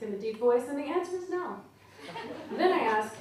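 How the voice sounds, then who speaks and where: A woman's voice: sits high, animated, moderate pace. A woman author giving a live reading of her own wry, comic prose to an audience at a literary event. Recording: roomy live hall, mic far off, loud audience.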